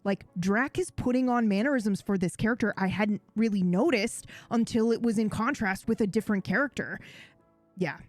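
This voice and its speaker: Woman co-host, casual chat, gushing, enthusiastic, dry close sound, mid pitch. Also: moderate pace, no echo. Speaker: podcast co-host.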